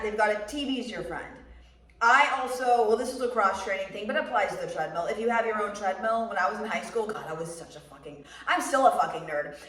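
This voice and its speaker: Blunt, swearing American woman, roomy sound. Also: medium pitch. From United States. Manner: blunt, swears a lot, animated storytelling. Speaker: running vlogger. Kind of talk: casual chat. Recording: roomy sound, mic somewhat distant.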